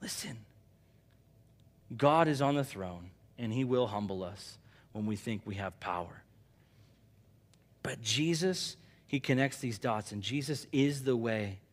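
A man preaching a sermon in an animated, conversational way, dropping quiet for emphasis. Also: mid-range voice, a little slow, long pauses. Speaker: pastor.

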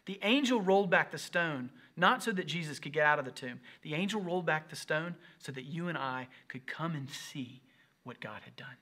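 Man preaching easter service online, keeps repeating lines, goes from loud to almost whispering, bright kinda pitched-up voice. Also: normal speed, few pauses. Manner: impassioned, swinging from loud emphasis to near whisper; repeats phrases for emphasis. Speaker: pastor. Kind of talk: Easter livestream sermon.

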